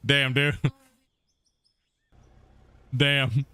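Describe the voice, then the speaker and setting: A man's voice: medium pitch, little pitch movement, extremely slow, pushed and bright, clean tone. A man streaming a game from home, chatting casually with viewers and people in the house, laughing often. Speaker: gaming streamer. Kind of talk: casual live-stream chat.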